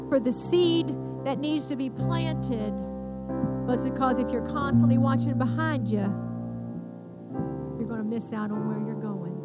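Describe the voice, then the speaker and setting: An older woman preaching a sermon, telling stories with passion and acting out the quoted lines. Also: fairly high pitch. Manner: impassioned, storytelling with acted quotes. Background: piano music.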